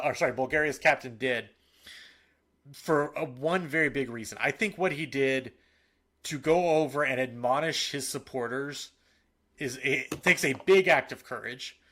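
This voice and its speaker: Animated, opinionated male podcast host. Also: fairly high pitch. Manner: animated and opinionated, with frequent restarts and fillers. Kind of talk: casual sports chat.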